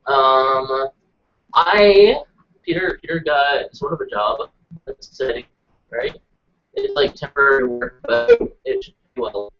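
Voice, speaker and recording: An easygoing man chats on a home live stream, pausing with ums as he shares news. His mid-pitched voice moves up and down a lot. The sound is dull and lo-fi. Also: wildly swooping pitch, gravelly. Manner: easygoing, hesitant with many ums. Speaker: co-host of a live chat. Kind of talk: casual live-stream chat. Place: hot home room with a fan running.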